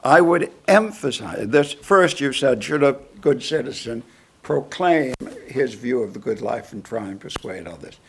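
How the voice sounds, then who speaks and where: A man, a guest lecturer, answering audience questions in a lecture hall in a deliberate, wry manner. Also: medium pitch, lively intonation, a little hiss or hum.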